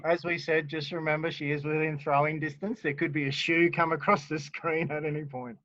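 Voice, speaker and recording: A Queensland Australian man in his forties hosting a relaxed interview from his backyard, chatty with lots of fillers and laughs. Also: fairly high pitch, a little fast, dry recording, muffled recording. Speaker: host. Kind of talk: casual interview chat. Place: backyard, outdoors.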